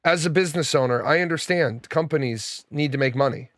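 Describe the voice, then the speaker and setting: A man's voice: on the high side, fairly quick, fairly bright tone, dry recording. A young adult man streaming a game, telling stories in casual, profane chat with frequent stammers and restarts. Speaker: gaming streamer.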